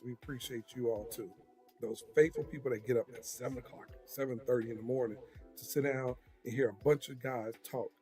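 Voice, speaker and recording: A man co-hosting a casual morning livestream over a video call, relaxed and chatty, giving shout-outs. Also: medium pitch. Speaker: co-host.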